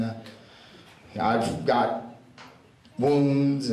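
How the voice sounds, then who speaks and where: A man's voice: medium pitch, darkish tone. A man giving an informal eulogy for a friend, telling stories in a rambling way with many fillers. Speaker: eulogy speaker. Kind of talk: informal spoken tribute. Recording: echoey room with faint noise.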